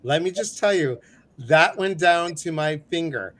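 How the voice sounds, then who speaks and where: A man's voice: fairly high pitch, expressive, a little slow, noisy background. A man hosting a casual live chat, playful and chatty, acting out little scenes as he talks. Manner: playful, sings snatches and acts out his own fear. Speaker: host.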